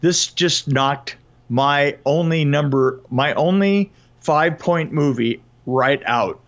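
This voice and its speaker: A man co-hosting a podcast, speaking haltingly with many fillers as he reviews a film. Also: a little high. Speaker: podcast co-host. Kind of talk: casual film review chat. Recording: dull lo-fi audio.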